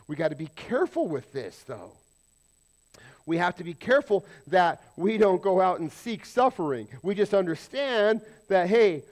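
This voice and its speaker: A pastor with a high voice delivers a sermon, preaching emphatically and firing rhetorical questions at his listeners. At times his delivery drops to a hushed, almost whispered tone.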